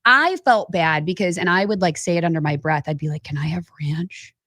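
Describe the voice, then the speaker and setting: A woman's voice: on the low side, no room sound, clean studio sound. A woman co-hosting a sports radio show, chatting casually and animatedly with her co-hosts. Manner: chatty, animated, quick to laugh. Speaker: radio co-host.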